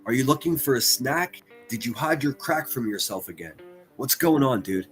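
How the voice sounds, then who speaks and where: A male streamer riffing with crude, sarcastic mockery, his pitch swinging up and down as he talks. Faint music plays under his voice. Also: animated, normal speed. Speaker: commentary streamer host. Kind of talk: livestream reaction commentary.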